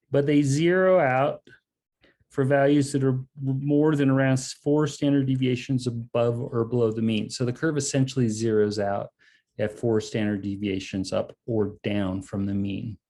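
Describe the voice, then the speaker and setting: A male math instructor gives a lecture over a video call. His voice is mellow and warm, and his pitch sits at an ordinary middle level. He talks casually and works through each idea step by step. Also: fairly even intonation, measured pace. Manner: casual, explains step by step with frequent "okay" and "um". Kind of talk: online lecture.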